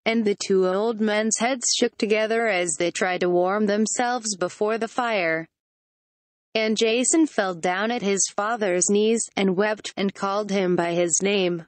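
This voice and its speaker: A woman narrates an old storybook at an even, measured pace. Her voice sits in a middle register, and she pauses briefly between short phrases. The recording is dry and close, with no room sound. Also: medium pitch, no room sound. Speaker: audiobook narrator. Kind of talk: scripted storybook narration read aloud.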